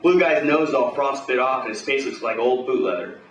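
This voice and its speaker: A man tells a pulp action tale aloud in a gruff, swaggering way, cursing freely and talking like a hardboiled hero. His voice sits at a middle pitch. The sound is roomy and distant from the mic, with a faint noise behind it. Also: a little fast, fairly bright tone, muffled recording. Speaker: storyteller.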